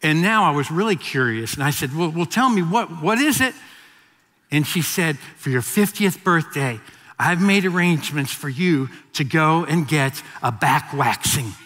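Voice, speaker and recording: A man in his fifties, a pastor, preaches a sermon in a high, bright, ringing voice, animated and at normal speed. He tells stories with frequent restarts and repeated words, and a long reverb suggests a large hall.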